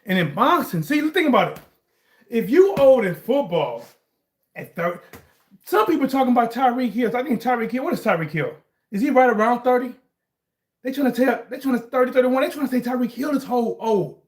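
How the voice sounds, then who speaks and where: A man's voice: very high voice, lively intonation, fairly quick. A man in a casual chat about sports, talking in rambling bursts and raising his voice to drive points home. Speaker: sports commentary vlogger.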